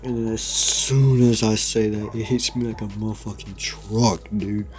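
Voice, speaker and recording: A man's voice: fairly low pitch, fairly even intonation, moderate pace, darkish tone. A young man telling a rambling story in a casual vlog, laughing often and saying "dude" a lot. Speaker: vlogger.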